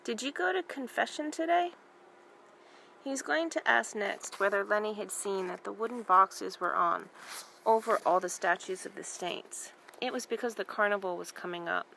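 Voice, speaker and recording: Woman, library read-aloud, novel, steady and even, mid pitch, faint noise. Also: vocal fry, rough recording. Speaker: library reader.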